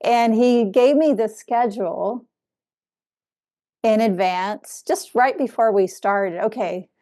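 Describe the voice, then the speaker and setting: Slow, reflective woman giving a Zen talk. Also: on the high side. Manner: slow, reflective, with soft laughs. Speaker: Zen teacher. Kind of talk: dharma talk.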